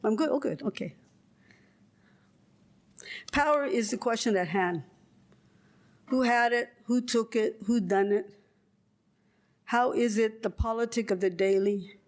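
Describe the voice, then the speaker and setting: This older Californian woman speaks with a fairly high pitch and a darkish tone as a guest lecturer. She reads her prepared lecture in a measured, rhetorical style, pausing for wry humor.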